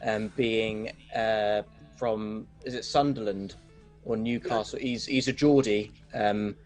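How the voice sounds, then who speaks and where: A man's voice: lowish voice, steady tone, slow pace, darkish tone, soft background music, low-quality recording. A man co-hosting a casual chat over a video call, talking in a rambling way with lots of restarts. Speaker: co-host.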